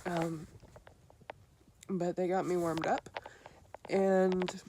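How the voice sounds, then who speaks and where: Brief: woman, lower register, casual first-person storyteller, halting delivery with restarts. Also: little pitch movement, warm tone, a little hiss or hum. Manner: halting, with many fillers and restarts; re-enacts other people's lines in a raised voice. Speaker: hunter telling her story.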